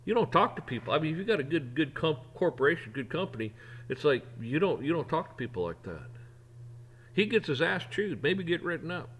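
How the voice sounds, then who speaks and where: A man's voice: fairly high pitch, big pitch swings, fairly quick, breathy edge. A man hosting his own opinion show, ranting bluntly with profanity and repeated restarts. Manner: repeats words and restarts when worked up. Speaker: podcast host. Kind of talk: opinion rant.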